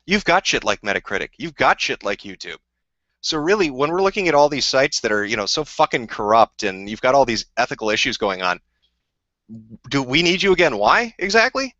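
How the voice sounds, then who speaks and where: Man, livestream host, profane heated rant, bright forceful tone, dry dull-sounding mic. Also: medium pitch, big pitch swings, brisk, no echo. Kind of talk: ranting livestream commentary.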